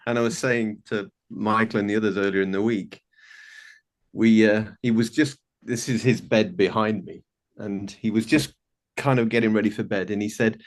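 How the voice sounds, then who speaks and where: Fifties man, video call from home, warm rambling storyteller, frequent restarts. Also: on the low side, steady tone, moderate pace. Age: 50s. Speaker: participant sharing a story. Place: home bedroom.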